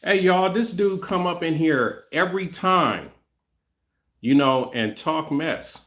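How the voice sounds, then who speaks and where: Slow-talking middle-aged male host, rambling. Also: a little high, a bit bright. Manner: rambling, repeats himself, speaks to chat directly. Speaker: channel host. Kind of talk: casual livestream talk to viewers.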